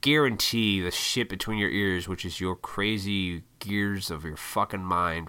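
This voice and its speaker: A man's voice: sits low, unhurried, hardly any pauses, bright, forceful tone, clean tone. A man from Illinois hosting a casual solo podcast, talking in a laid-back, rambling way with lots of swearing. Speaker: podcast host.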